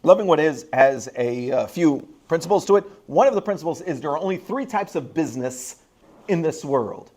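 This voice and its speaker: A man's voice: a little high, animated, normal speed, darkish tone. A man teaching a class in a school classroom, joking and rambling between points and repeating key lines for emphasis. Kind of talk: lively classroom lecture with asides.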